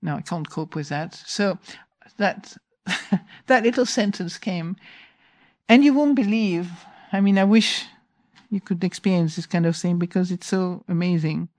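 A woman teacher giving an informal dharma talk, telling a lively story, laughing often and mimicking her own inner voice. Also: on the low side, unhurried. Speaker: meditation teacher.

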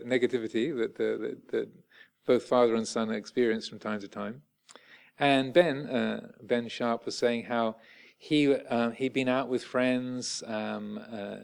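A man, a Buddhist monk giving a dharma talk in a halting way with many pauses and restarts. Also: medium pitch, creaky, a little mellow.

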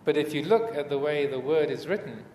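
A man teaching as a Buddhist monk in a dharma talk, speaking hesitantly with many fillers and restarts and gentle humor. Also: on the high side, brisk. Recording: echoey hall, faint room noise.

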